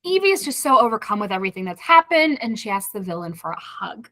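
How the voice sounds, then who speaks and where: Bright, animated woman recapping a book. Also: medium pitch, fast talker, dry recording. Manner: animated retelling, acting out characters' lines. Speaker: podcast co-host. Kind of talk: casual book club chat.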